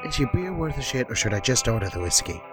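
A man voicing a brash, hot-tempered male gunslinger who talks gruffly and bluntly, with sarcasm. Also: mid-range voice, very animated, fast, over music, natural voice. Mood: gruff sarcastic.

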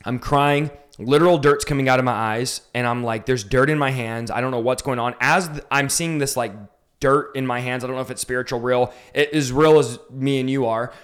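A man in his thirties recounts his conversion in an interview with fervent, emphatic conviction. His mid-pitched voice rises to intense peaks. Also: steady tone, a little fast, a bit bright. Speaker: preacher telling his testimony. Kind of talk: impassioned storytelling in an interview.

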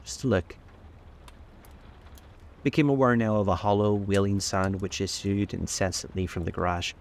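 A male host reading a classic novel aloud in a measured, unhurried way. His voice is very deep, and his delivery stays steady throughout. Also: slight background noise. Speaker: narrator, host. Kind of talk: audiobook-style novel reading.

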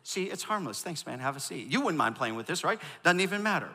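Joking pastor with a bright voice in a big hall. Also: male voice, a little high, big pitch swings, fast. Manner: joking, calls for audience responses. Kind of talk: sermon. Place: large church auditorium.

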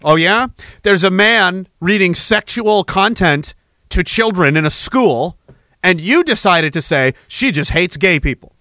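A man's voice: sits high, lively intonation, measured pace, pushed and bright, no room sound. Profane, heated man ranting on a podcast. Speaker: podcast host. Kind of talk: angry podcast rant.

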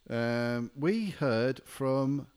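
A man's voice: mid-range voice, a little mellow, smooth. A man co-hosting a podcast in casual chat, an agreeable listener who often chuckles. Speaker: podcast co-host.

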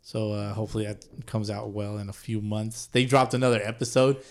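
A man hosting a podcast in casual, profane chat, laid-back and quick to laugh. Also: fairly low pitch, level tone. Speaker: podcast host.

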